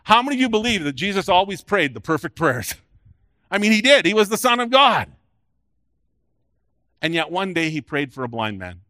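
Male pastor, high bright voice, dry sound; earnest sermon delivery with big hush-to-loud swings and stuttered restarts. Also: no echo.

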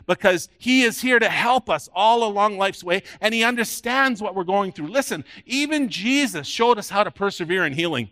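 Male pastor, high bright voice, dry sound; earnest sermon delivery with big hush-to-loud swings and stuttered restarts. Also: expressive, brisk, no room sound.

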